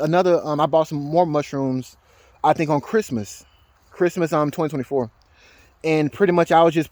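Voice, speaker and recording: A young man telling a rambling personal story as a vlogger, halting and repeating words, laughing often and swearing. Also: a little high, darkish tone, no echo.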